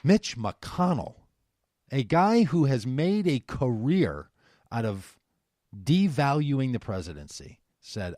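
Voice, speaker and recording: A man's voice: medium pitch, big pitch swings, slow pace, dark tone, no room sound, clean studio sound. A man hosting a political talk radio show, delivering an impassioned, sarcastic monologue and taking calls.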